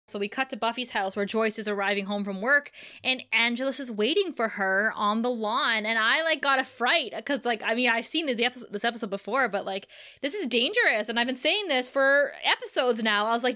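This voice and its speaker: A woman co-hosting a casual podcast, recapping a TV episode with animated storytelling and acting out the characters' lines. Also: a little high, a little fast. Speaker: podcast co-host.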